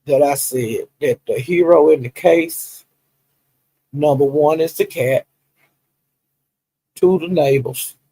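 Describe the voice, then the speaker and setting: This man, a livestream commentator, gossips casually about online drama, laughing and performing the quotes with animated flair. He speaks slowly with frequent pauses in a husky, higher-than-average voice. The audio is low quality but free of room sound.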